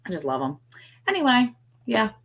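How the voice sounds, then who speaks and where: A middle-aged woman hosting a casual livestream chat, gushing and telling stories in a chatty, animated way. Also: a little high, normal speed. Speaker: livestream host.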